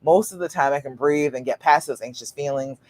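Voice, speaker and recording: A woman's voice: extremely low pitch, fairly quick, darkish tone. A woman relationship coach giving emphatic advice on a live stream, reading out viewers' questions and acting out quotes with laughs.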